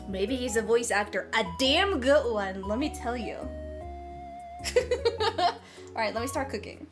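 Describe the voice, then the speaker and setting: High-pitched woman streaming while she cooks, giggles a lot, curses, takes her time, music playing behind. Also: animated, slow pace, long pauses. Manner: giggly, gushing, swears freely. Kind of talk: casual livestream chat while cooking. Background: background music.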